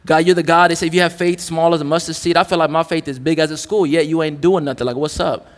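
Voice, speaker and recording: A man's voice: a little high, steady tone, fast. A young adult man preaching a sermon to a congregation in a candid, conversational, joking way. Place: church in front of a congregation. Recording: reverberant church hall.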